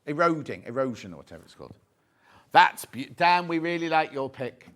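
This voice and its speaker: A middle-aged British man hosting a live shopping broadcast, his pitch sitting a touch high and swooping all over the place as he raves about each item. He talks in a chatty, exclamatory way and bounces quips off the studio crew. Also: sing-song, a little fast, a bit bright. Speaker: TV shopping presenter. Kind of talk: live shopping-channel presentation.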